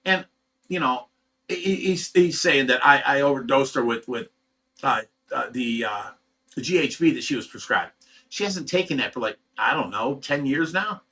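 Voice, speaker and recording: A man's voice: mid-range voice, expressive, moderate pace, bright, forceful tone, husky. A middle-aged man from Ohio who runs a fish rescue, venting at home in a casual, agitated monologue, stumbling over repeated words. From Ohio, USA.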